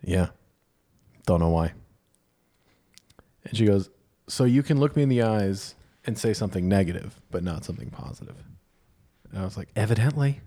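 A man's voice: lowish voice, expressive, normal speed, long pauses, mellow. A man co-hosting a podcast, telling a story in casual chat, wry and laughing often, swearing freely. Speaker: podcast co-host.

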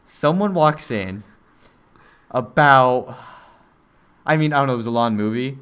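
A young man chatting casually, telling an animated, rambling story with many fillers and mimicking people in high voices. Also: measured pace, smooth. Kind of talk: casual chat.

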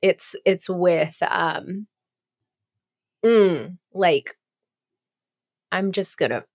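A woman co-hosting a casual chat, playful and quick to joke and laugh. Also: on the low side, no echo, studio quality. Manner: playful, laughs often, jokey asides.

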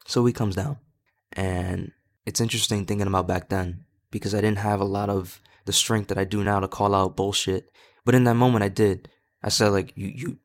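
Deep-voiced young man telling a personal story. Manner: candid, rambling, heavy swearing. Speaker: podcast host.

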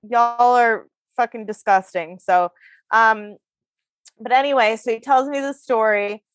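A woman's voice: fairly high pitch, measured pace, no room sound, faint music behind. A woman co-hosting a podcast, telling a long story in a chatty, swearing, laughing way. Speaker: podcast co-host. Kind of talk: casual chat.

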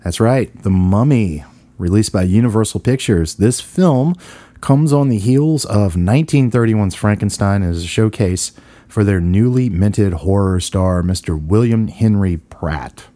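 A man's voice: on the low side, unhurried, mellow, no room sound. A man hosting a podcast, joking and teasing his co-host as he runs through an old horror film. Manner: playful, jokey, teasing. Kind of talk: casual banter and film rundown.

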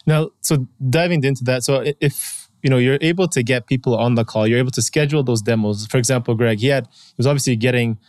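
A man's voice: medium pitch, quick pace, few pauses, no room sound, studio quality. A man hosting a podcast, asking hesitant interview questions with many fillers. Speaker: podcast host.

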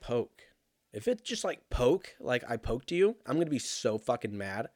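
A young man telling a rambling, profane story in a casual monologue, animated and laughing at himself. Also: mid-range voice, normal speed, no room sound, studio quality.

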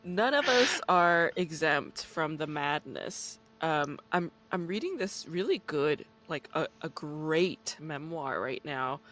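A woman's voice: low-pitched, expressive, slow, hardly any pauses, fairly bright tone, faint music behind, poor audio. A woman hosting a podcast, chatting casually and reflecting on ideas in an explanatory, encouraging way. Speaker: podcast host.

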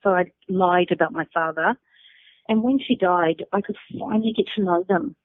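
A woman's voice: on the low side, moderate pace, no room sound. A middle-aged woman with a New Zealand accent, candidly telling her personal story as a guest and swearing freely. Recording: dry phone-like sound.

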